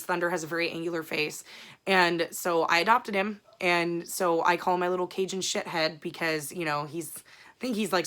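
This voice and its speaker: A woman's voice: lowish voice, a bit bright. A woman chatting casually to her viewers in a rambling, frank way, swearing freely. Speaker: book vlogger. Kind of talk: casual chat.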